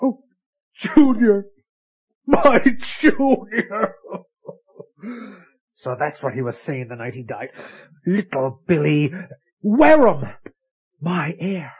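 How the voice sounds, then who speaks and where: An actor playing a blustering, pompous old rich merchant in a comic radio play. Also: male voice, a little high, very animated, slow, long pauses, breathy edge, exaggerated voice. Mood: frantic. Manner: pompous, theatrical. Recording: dull lo-fi radio audio.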